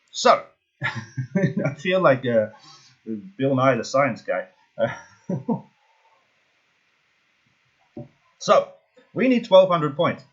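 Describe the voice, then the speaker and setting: Excitable gaming host, husky voice, dull lo-fi recording, talks through sums aloud. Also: male voice, a little high. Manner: excitable, jokey, thinks aloud while calculating. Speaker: gaming YouTuber. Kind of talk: casual game strategy walkthrough.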